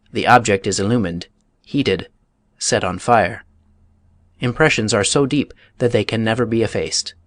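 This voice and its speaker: A man narrating a nonfiction book in a measured, deliberate reading style. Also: on the low side, dry recording. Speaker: audiobook narrator.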